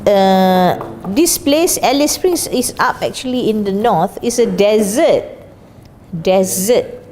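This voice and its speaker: A woman teaching an English class, lively and questioning, explaining words and their pronunciation. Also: medium pitch, slow pace, slight background noise.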